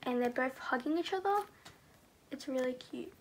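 A teenage girl reviewing squishy toys in a casual, gushing way, sometimes dropping to a soft murmur. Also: high voice, expressive, normal speed, a little hiss or hum. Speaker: squishy haul vlogger.

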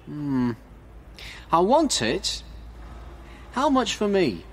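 Eager teenage boy, higher and brighter, read by a male narrator. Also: wildly swooping pitch, very slow, a little hiss or hum, exaggerated voice. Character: young man of seventeen, restless and eager.

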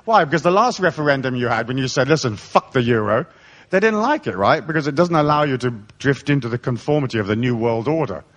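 A man's voice: mid-range voice, lively intonation, quick pace, hardly any pauses, a bit bright. A middle-aged man born in England and raised in Africa, giving a live talk to an audience as a spiritual lecturer in a profane, mocking, comic style. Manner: profane, mocking, comic rant with put-on voices.

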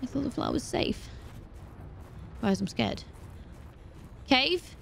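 A woman playing a video game, talking to herself in an animated way and breaking into startled exclamations. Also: a little high, slow, creaky, pauses often. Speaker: let's play host. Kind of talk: gaming commentary.

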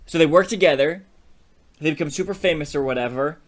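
A young man co-hosting a podcast, telling a silly story idea in an animated, playful way. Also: fairly high pitch, fairly quick. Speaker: podcast co-host. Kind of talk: casual brainstorming chat.

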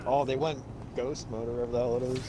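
A man's voice: medium pitch, little pitch movement, very fast, background noise. A drunk man on voice chat reacting loosely to a shared game. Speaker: co-player on voice chat. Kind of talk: casual gaming chat.

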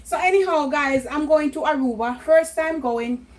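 A woman's voice: sits high, normal speed, a little mellow, rough recording. A middle-aged Jamaican woman vlogging casually at home, chatty, laughing often and slipping into patois. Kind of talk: casual home vlog chat.

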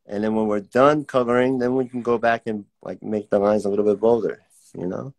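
A relaxed young man leads a live-streamed drawing class, chatting easily with viewers and reading their comments aloud. His voice sits fairly low, and his talk is loose and friendly while he sketches. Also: brisk, creaky. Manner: laid-back, chatty, reads out viewer comments. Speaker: art teacher.

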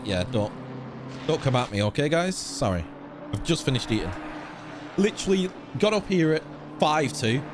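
A man's voice: fairly high pitch, background noise. A young man hosting a racing live stream, chatting in a rambling, casual way with his viewers. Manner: rambling, chatty, talks to chat. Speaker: sim racing streamer host.

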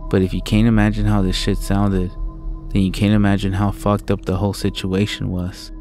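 Man, horror narrator, very deep, monotone, slow and deliberate, soft music behind. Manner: slow, deliberate, profane storytelling.

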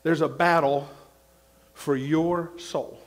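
A male pastor preaching a sermon, repeating his points and swinging between loud and hushed. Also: fairly high pitch, fairly even intonation, takes it slowly.

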